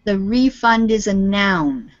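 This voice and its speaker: A woman leads an English lesson over a video call, explaining phrases and modelling pronunciation with steady patience. She speaks slowly and deliberately, at a middle pitch. The call audio sounds muffled and lo-fi. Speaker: English teacher. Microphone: computer mic on a video call.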